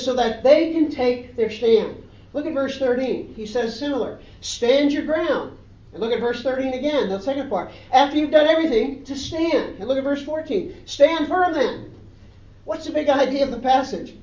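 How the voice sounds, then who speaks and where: A woman's voice: fairly high pitch, darkish tone. A woman preacher delivering a sermon with emphatic, repetitive stress on key phrases. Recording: dull, roomy sound picked up from a distance.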